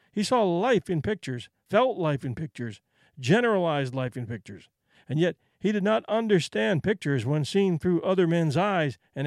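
A man narrating a short story with a measured, expressive delivery in a dry recording. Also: on the high side, no room sound.

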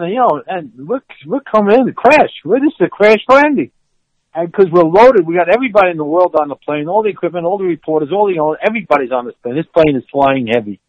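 A former football player telling an animated story. He laughs and acts out the quotes. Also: fairly high pitch, dry recording, highs cut off. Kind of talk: storytelling interview.

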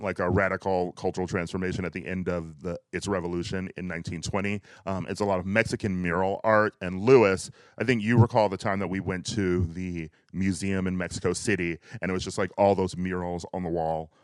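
Chatty man with a low voice. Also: dry recording. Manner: chatty, laughs often, lively asides. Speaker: podcast host. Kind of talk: casual chat.

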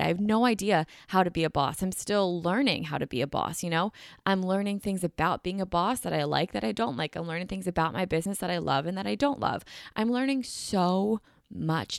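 A woman's voice: fairly low pitch, no echo, studio quality. A woman in her twenties giving casual, candid advice straight to camera at home, chatty and full of "like" and "you know". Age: 20s. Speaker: YouTuber and business owner. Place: home room.

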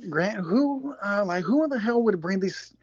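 Male caller, fairly high voice, halting with lots of fillers, dull lo-fi line. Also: lively intonation, slightly rough, no echo. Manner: halting, full of fillers, searching for words. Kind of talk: casual call-in chat.

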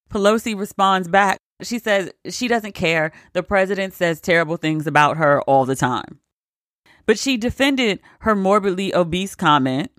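A woman's voice: mid-range voice, measured pace, a bit bright, no room sound, studio quality. A woman hosting a podcast, giving casual news commentary in a wry, exasperated way and laughing between quotes. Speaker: podcast host.

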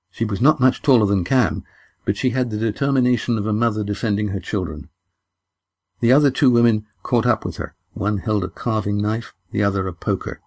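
Man narrator, audiobook, low voice, husky, measured. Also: a little mellow. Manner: measured storytelling. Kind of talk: scripted narration.

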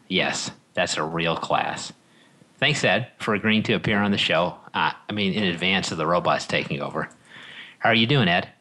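A man's voice: low voice, sharp tone, poor audio. A man hosting a podcast, opening with a scripted, joke-filled intro and then interviewing a guest in a wry manner. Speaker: podcast host.

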